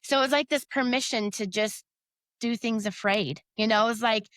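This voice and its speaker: A woman's voice: a little high, normal speed, fairly bright tone, dry recording. A woman guest on a faith podcast, talking earnestly and at length, full of "you know"s and quotes of her own thoughts. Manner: earnest, rambling with many fillers and self-quotes. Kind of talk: faith-based conversational interview.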